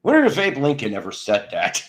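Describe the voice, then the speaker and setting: This livestream host talks fairly quickly in a mid-range voice that swings wildly in pitch. Chatting with his live audience, he rambles, tells crude jokes, and laughs along at them.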